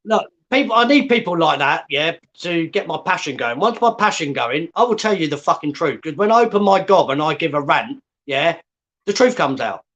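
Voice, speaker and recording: A man with a high-pitched voice rants furiously on an online call. He swears nonstop and keeps tagging his points with a challenging "yeah?". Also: lively intonation, brisk, fairly bright tone. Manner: swearing, combative, repeats "yeah?" for emphasis. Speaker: guest. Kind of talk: angry ranting on a livestream.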